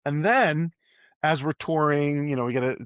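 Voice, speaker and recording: A man's voice: on the high side, moderate pace, clean tone, no echo. A middle-aged man, an emergency services worker, telling a story in casual conversation and acting out the quoted voices. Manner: animated, acts out quoted voices. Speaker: EMS professional and podcast guest. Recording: dull, dry close recording.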